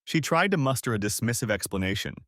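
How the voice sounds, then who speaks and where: A man narrating a first-person revenge story in a measured, wry storytelling manner, recorded close to the mic. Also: mid-range voice, very animated, fairly bright tone, dry recording.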